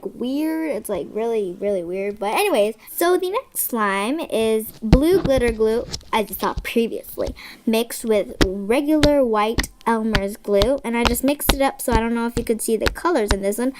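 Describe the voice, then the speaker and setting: Chatty slime-vlog host: high-voiced woman, excitable and rambling, noisy recording. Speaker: slime collection vlogger. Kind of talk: casual chatty show-and-tell.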